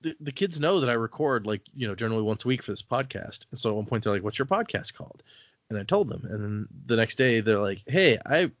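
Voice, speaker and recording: A man's voice: lowish voice, quick pace, hardly any pauses. A man hosting a podcast, rambling through anecdotes with many restarts. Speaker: podcast host and editor. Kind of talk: casual chat. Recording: dry, dull lo-fi sound.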